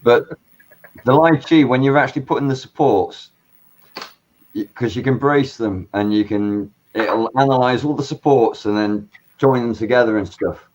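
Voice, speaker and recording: A man on a video call, calmly explaining practical technical tips. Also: medium pitch, moderate pace, slight background noise. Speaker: guest. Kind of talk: casual video call chat.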